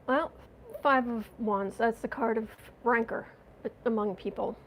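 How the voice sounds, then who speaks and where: A woman's voice: fairly high pitch, unhurried, a little hiss or hum. A woman hosting a livestream as a tarot reader, chatting casually and sarcastically while reading out viewer comments.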